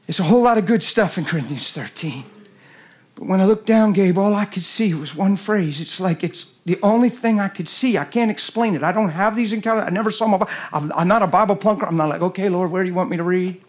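High-voiced man preaching with folksy fire. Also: brisk. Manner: folksy storytelling, rising to shouted emphasis. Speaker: guest preacher. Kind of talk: sermon.

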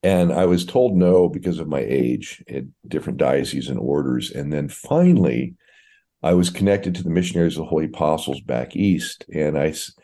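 A man in his sixties, a priest guest from Oregon, telling his story in a relaxed, folksy, anecdotal way. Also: extremely low pitch, normal speed. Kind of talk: casual interview storytelling.

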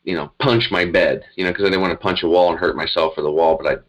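A man's voice: sits low, steady tone, fast talker, highs cut off. A middle-aged man, a health coach, telling his story in a rambling, earnest way, with many fillers and restarts. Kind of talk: casual interview storytelling.

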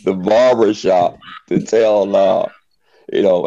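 A man's voice: low-pitched, normal speed, dull audio. A middle-aged man, a former football player, tells his story in an interview and acts out the voices of the people in it. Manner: animated storyteller, acts out quotes.

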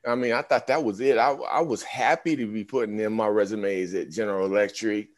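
A former pro basketball player in his fifties tells stories in a casual interview, acting out the voices of the people he quotes. He's an animated storyteller with a fairly low-pitched voice and a fairly quick pace.

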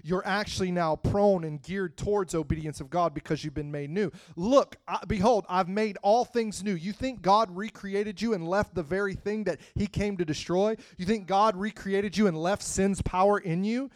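A man preaching a sermon, moving from quiet, close talk to loud, rising preaching and calling out to the congregation. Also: high-pitched, normal speed, hardly any pauses, no echo. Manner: calls out to the congregation.

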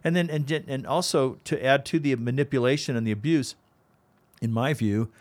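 A man, a pastor and co-host, explaining in a casual discussion, thoughtful and halting with frequent restarts. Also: medium pitch.

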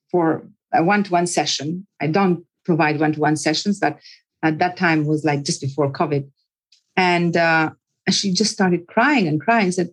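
A woman's voice: fairly low pitch, breathy edge, rough recording. A woman psychologist, an interview guest, telling a personal story in an earnest way, repeating words and often restarting her sentences.

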